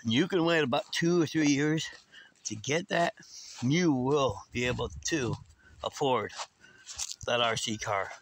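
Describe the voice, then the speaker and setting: A man's voice: mid-range voice, unhurried, pauses often, a little hiss or hum. Rambling man telling a story. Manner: rambling, talks straight to viewers. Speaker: vlogger. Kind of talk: casual storytelling to viewers.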